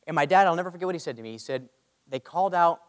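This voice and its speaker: A man's voice: fairly high pitch, lively intonation, very fast. A man telling a personal story in an earnest sermon and calling out to the congregation for amens. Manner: earnest, calls for amens from the crowd. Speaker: preacher. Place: church hall. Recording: long reverb of a large hall.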